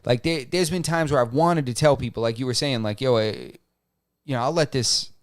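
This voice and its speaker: A man's voice: medium pitch, brisk, dry recording, clean studio sound. A man co-hosting a podcast, chatting casually in an opinionated, loose way with many restarts. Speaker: podcast co-host. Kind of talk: casual chat.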